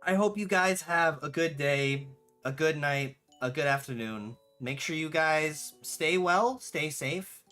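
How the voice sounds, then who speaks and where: A streamer in their late twenties, chatting casually on a livestream, answering chat and telling stories with lively swearing. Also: medium pitch, takes it slowly, faint music behind. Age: late 20s. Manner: animated storyteller, swears freely, answers chat aloud. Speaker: streamer and game developer.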